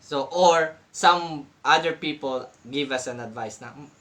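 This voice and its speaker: A man's voice: fairly high pitch, measured pace, sharp tone. A man with a Filipino accent giving a casual, reflective talk as a podcast host, switching between English and Tagalog and often tagging lines with "di ba?". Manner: mixes English and Tagalog, keeps asking "di ba?". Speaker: podcast host answering a question.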